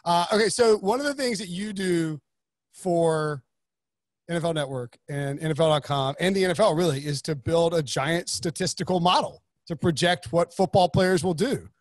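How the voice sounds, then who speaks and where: High-voiced rambling podcast host, a man. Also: moderate pace, dry recording. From North Carolina, US. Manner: rambling, joking, many restarts. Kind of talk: casual podcast chat.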